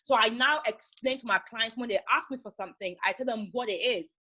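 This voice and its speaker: A young Nigerian makeup artist guests on a casual chat, telling stories animatedly and acting out callers. Her voice is a little high and husky, and she speaks a little fast.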